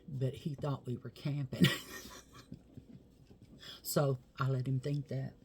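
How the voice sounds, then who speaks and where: A woman's voice: extremely low pitch, flat delivery, takes it slowly, a little hiss or hum. A middle-aged woman chatting to camera at home, telling a rambling family story and thanking viewers affectionately. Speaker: makeup vlogger. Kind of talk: casual chat to camera.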